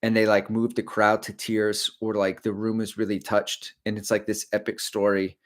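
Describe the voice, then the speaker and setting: Brief: middle-aged male host, casual rambling livestream chat, slightly low pitch, jokey asides. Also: completely flat delivery, moderate pace. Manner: rambling, jokey, talks to viewers; slips briefly into silly character voices. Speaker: running channel host.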